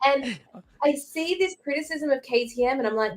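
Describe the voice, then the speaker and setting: A young woman from Derry with a Northern Irish accent, co-hosting a casual podcast chat with opinionated, quick analysis. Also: high voice, animated. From Northern Ireland. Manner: opinionated, fast analytical talk with fillers. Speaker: co-host.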